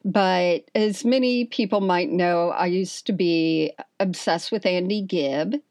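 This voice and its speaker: A woman's voice: fairly low pitch, slow, a little mellow, no echo, studio quality. A woman co-hosting a podcast, telling funny stories in a sarcastic, laughing, casual way. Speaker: podcast co-host. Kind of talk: casual chat.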